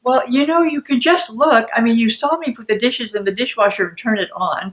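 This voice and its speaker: A woman acting out a resentful spouse who complains loudly and then pleads. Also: fairly high pitch, low-quality recording. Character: resentful spouse who blows up over chores.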